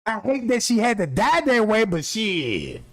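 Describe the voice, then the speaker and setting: A man with a high, country-sounding voice rants brashly and profanely on his stream. His pitch leaps around constantly. The sound is dry and close. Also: huge pitch swings, a little slow, dry recording. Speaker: livestream host. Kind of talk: casual ranting commentary.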